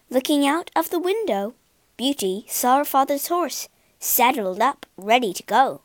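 Female storybook reader, slow pace, lively pitch. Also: no room sound. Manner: slow, lively expressive reading. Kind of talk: storybook reading.

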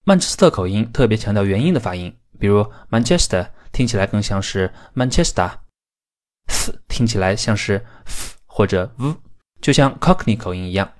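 A man hosts a language lesson podcast. He explains points steadily and clearly, like a teacher. His voice sits fairly low. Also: lively intonation, normal speed. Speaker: host.

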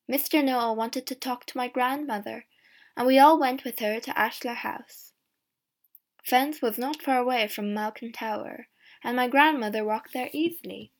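Woman reading a story aloud. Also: a little high. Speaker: audiobook reader. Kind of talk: scripted narration.

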